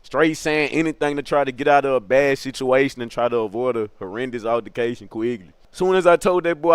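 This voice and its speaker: A man's voice: medium pitch, a little fast, hardly any pauses, clean tone, dry recording. Rambling, slangy male storyteller. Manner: slangy, rambling, laughs at his own story. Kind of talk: casual comedic storytelling.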